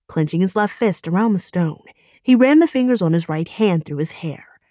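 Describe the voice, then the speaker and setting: A woman reading an audiobook in calm, measured narration. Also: on the low side, dry recording, studio quality.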